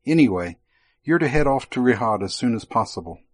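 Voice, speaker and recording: A man voicing a gruff, businesslike male spy chief handing out assignments in an audiobook. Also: mid-range voice, animated, fairly quick, natural voice. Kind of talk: audiobook character voice.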